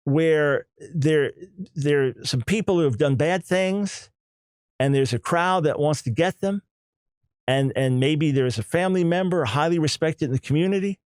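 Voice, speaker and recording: A man's voice: on the high side, dry recording. Emphatic older man hosting a radio talk show. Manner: emphatic, animated, quick bursts of speech.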